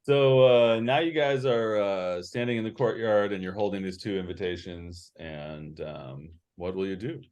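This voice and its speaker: Game master man, halting delivery. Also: sits low, darkish tone, muffled recording. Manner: hesitant, many fillers, puts on voices for letters. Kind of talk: narrating an online tabletop game.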